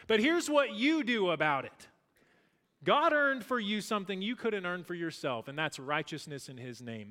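A man preaching a sermon as pastor, emphatic, swinging between loud declarations and hushed lines. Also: a little high. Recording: long hall reverb.

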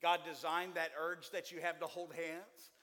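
Man, forties, pastor, lively joking sermon, high voice, long reverb of a church hall. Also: moderate pace. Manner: folksy, joking, animated preaching. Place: church sanctuary with congregation.

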